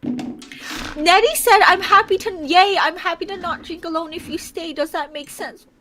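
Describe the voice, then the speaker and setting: A woman's voice: very high voice, moderate pace, fairly bright tone, slight background noise. A young woman co-hosting a casual livestream podcast, chatting, laughing often and reading viewer comments aloud. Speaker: podcast co-host.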